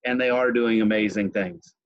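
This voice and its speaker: A man hosting a podcast, a profane and animated storyteller in casual chat. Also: fairly low pitch, normal speed, no echo, lo-fi sound. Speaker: podcast host.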